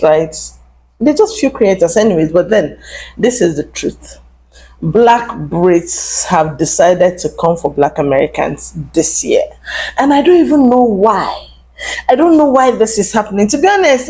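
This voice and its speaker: A woman's voice: mid-range voice, rough recording. A young adult woman vlogger giving emphatic, casual commentary straight to her viewers. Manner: animated, emphatic, addresses viewers directly.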